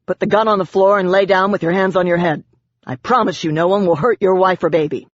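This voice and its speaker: A narrator voicing a police officer who gives firm, shouted orders, on a dry, dull recording. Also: medium pitch, fairly even intonation, brisk, dry recording, lightly acted.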